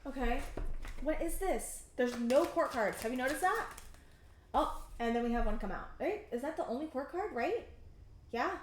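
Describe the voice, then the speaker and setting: A woman in her thirties reads tarot cards in a slightly high voice, her sentences halting and circling back with fillers as she searches for meaning. She speaks with earnest emotional intensity. The sound carries a noticeable echo, as if from a bare room. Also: animated, slight background noise. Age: 30s. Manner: rambling, halting and earnest, many fillers and restarts; emotionally intense, close to tears at times. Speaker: tarot reader. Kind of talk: pick-a-card tarot reading.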